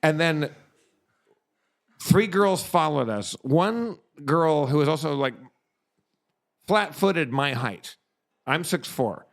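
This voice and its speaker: A man telling profane, animated anecdotes as co-host of a live comedy podcast. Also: a little high, slow, pauses often.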